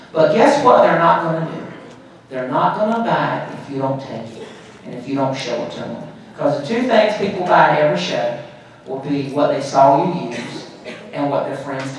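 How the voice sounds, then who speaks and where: A man speaks to a conference crowd in a high, bright register, bantering and joking as he runs through sales tips. He stands well away from the mic. The big hall rings with a heavy echo around him. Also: far from the mic, slight background noise. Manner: animated, joking, quick asides and crowd banter. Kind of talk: motivational sales talk to an audience.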